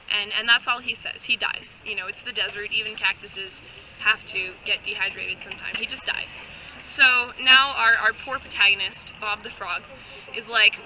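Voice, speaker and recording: A woman improvising a comic story in a rambling, deadpan way, with many restarts and side remarks. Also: on the high side, normal speed, slight background noise, poor audio.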